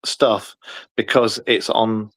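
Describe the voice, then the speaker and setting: A man's voice: on the low side, level tone, slow, fairly bright tone. Chatty, swearing English man. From England. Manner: chatty, swears freely, rambles. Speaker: podcast host. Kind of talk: casual chat.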